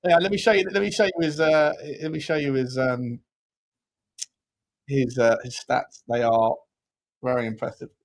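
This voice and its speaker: A man's voice: medium pitch, steady tone, normal speed, gravelly, long pauses. A young adult man, co-hosting a casual football chat in a jokey, banter-filled way. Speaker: co-host.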